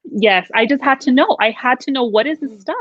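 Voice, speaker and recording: A woman's voice: high voice, fairly quick, dry recording. A woman telling her own ghost story in casual conversation, acting out the quoted lines as she goes. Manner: animated, acts out quoted lines. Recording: dull, dry lo-fi audio.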